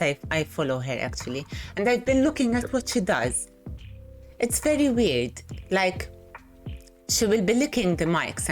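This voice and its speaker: A woman hosting a casual livestream interview, chatty and excitable, laughing easily. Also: on the low side. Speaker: streamer host interviewing a guest.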